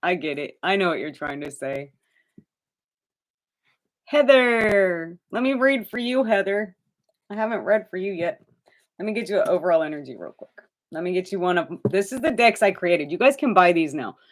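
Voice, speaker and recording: Speaking at normal speed in a fairly low, animated voice, a woman reads tarot live for her audience. She talks to viewers directly and chattily, greeting them by name and calling them honey.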